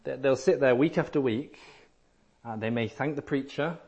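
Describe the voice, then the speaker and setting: A man's voice: medium pitch, moderate pace, a little mellow, lo-fi sound. A man preaching a sermon, emphatic and repetitive, sometimes acting out listeners in a lighter voice.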